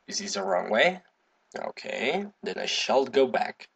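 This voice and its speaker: A man talks over a game in an unhurried, casual way, humming and swearing as he goes. His pitch swings widely, jumping into sudden high yelps when he gets excited. A faint hiss sits behind the voice. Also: gravelly. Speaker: gaming video host. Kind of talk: casual gameplay commentary.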